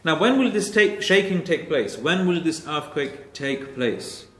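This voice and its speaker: A man's voice: on the high side, expressive, a little slow, fairly bright tone, roomy sound. A man teaching a Quran exegesis class, explaining Arabic grammar step by step and repeating key phrases for emphasis.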